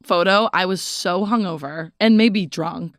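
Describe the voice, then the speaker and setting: A woman's voice: on the low side, measured pace, no room sound, clean studio sound. A young woman co-hosting a podcast, telling rambling casual stories full of "like". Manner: rambling storytelling, heavy use of "like". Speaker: podcast co-host. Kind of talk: casual chat.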